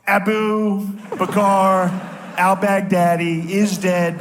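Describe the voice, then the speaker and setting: A comedian on stage playing a boastful older male president, drawing out his words with long pauses. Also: high voice, level tone, slight background noise, exaggerated voice. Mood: gloating. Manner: slow, drawn-out, mocking delivery with pauses.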